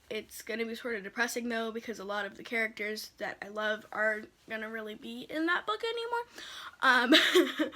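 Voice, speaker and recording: A young woman talking casually about books she wants to read, chatty and excitable with lots of fillers. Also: a little high. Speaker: book vlogger. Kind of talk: casual chat. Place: home room.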